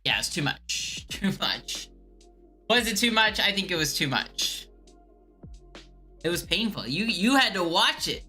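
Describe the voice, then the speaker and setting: A woman's voice: on the low side, sing-song, measured pace, pauses often, sharp tone, soft background music. A woman streamer chatting casually on a live stream, exasperated and repeating herself with laughs. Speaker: streamer calling scammers.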